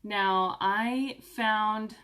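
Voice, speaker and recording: A woman talking casually to camera in a vlog, chatty and upbeat, with filler ums and lively swings in pitch. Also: very slow, smooth. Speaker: essential oils vlogger.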